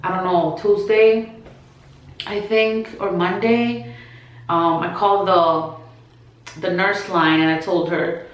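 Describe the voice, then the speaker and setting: A woman's voice: fairly low pitch, fairly even intonation, takes it slowly, long pauses. A woman vlogger telling a personal story to her followers in a casual, chatty way, full of "like" and quoted asides. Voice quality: chatty, filler-heavy, many restarts and acted quotes. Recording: very echoey room.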